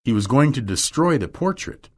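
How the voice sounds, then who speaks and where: A man narrating a classic novel as an audiobook for English learners, reading in a clear, deliberate way. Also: mid-range voice, animated, darkish tone.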